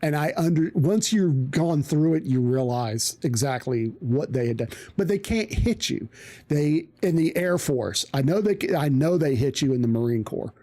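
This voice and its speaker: A man's voice: on the high side, animated, normal speed, warm tone. A male streamer telling a casual story, rambling with restarts and plenty of swearing.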